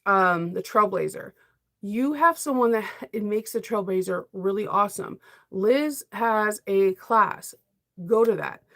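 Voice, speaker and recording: A chatty middle-aged woman who hosts a sewing livestream. Her voice sits a little high, and she talks in a loose, casual way from her home sewing room. She laughs easily and gets emotional. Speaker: sewing vlogger.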